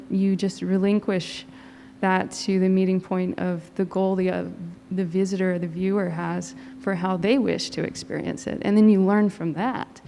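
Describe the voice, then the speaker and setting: A woman artist muses about her process on a gallery panel. Her voice is mellow and a bit low, with a long reverb and a faint murmur of room noise around her. She wanders and trails off in a casual, thoughtful way. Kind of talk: reflective panel discussion. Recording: hall reverb with faint ambience.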